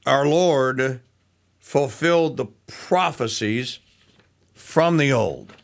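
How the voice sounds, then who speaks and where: A man's voice: medium pitch, slow, vocal fry. A man hosting a talk radio show, delivering a sarcastic, rambling monologue full of restarts and fillers.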